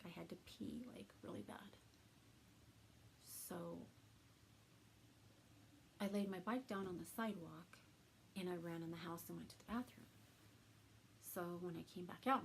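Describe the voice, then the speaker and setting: A woman talks slowly and haltingly to her camera, pausing often as she tells a personal story. Her low voice is gravelly and stays flat in pitch, with faint noise behind her. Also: low-quality recording. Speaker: vlogger.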